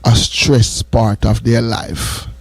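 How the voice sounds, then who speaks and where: A man's voice: mid-range voice, level tone, slow, no echo. A Jamaican man hosting a morning radio show, giving earnest, repetitive advice and drifting between patois and English. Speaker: radio host.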